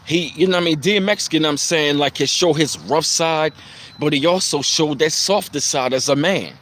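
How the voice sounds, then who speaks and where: A man's voice: on the high side, fairly quick, a bit bright. A man hosting a casual live stream, speaking in a loose, reflective way with plenty of fillers and repeated phrases.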